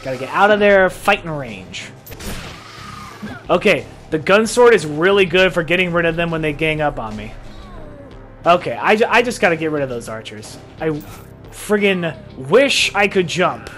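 A man hosting a let's-play video, excitable and profane, often laughing and shouting at the game. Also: fairly high pitch, normal speed, soft background music. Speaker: gaming video host.

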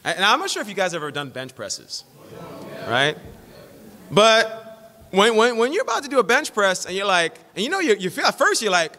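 A middle-aged man preaching a sermon as pastor, telling stories in an animated way and acting out the quotes. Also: sits high, moderate pace. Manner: animated storytelling, acts out quotes. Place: church sanctuary. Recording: echoey church hall.

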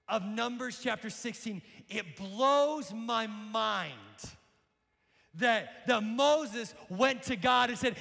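A male pastor preaching with energy, swinging from shouts to hushed lines. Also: extremely high pitch, drawn-out words, vocal fry. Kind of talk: sermon. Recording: long hall reverb.

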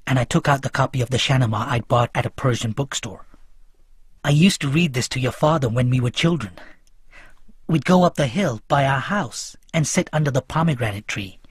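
A man reading a novel aloud as a first-person audiobook narrator, in a quiet, restrained way. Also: mid-range voice, breathy edge, dry recording, clean studio sound.

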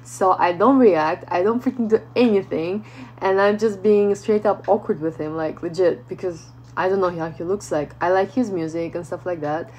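A woman vlogger telling a casual story in a chatty way, full of fillers and lively retelling. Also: on the low side, normal speed, slight background noise, rough recording. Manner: chatty, peppers speech with "like", animated retelling.

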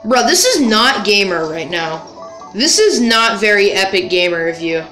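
A woman's voice: mid-range voice, very animated, measured pace, pushed and bright. Playful woman narrating her gameplay. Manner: playful, exasperated, talks to game characters; bursts into yelps and laughs. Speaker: gaming video creator. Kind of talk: casual gameplay commentary. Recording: roomy with game music behind.

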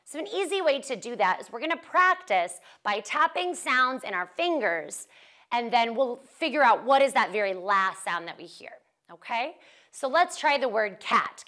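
A young woman who teaches first grade, leading a children's phonics lesson with slow, clear and encouraging talk. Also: fairly high pitch, sharp tone.

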